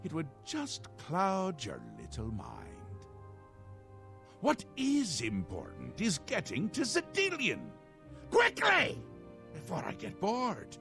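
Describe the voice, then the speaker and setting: An actor playing a manic, capricious male prince of madness from a video game, with a Scottish accent and a gravelly voice that swings from low mutters to sudden shouts. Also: wildly swooping pitch, slow, faint music behind, heavily acted.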